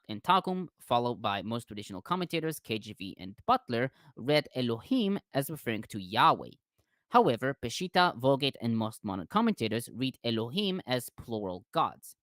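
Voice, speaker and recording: A man's voice: mid-range voice, no room sound, clean studio sound. A man hosting a discussion, carefully reading out scholarly commentary. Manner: careful reading with lively intonation.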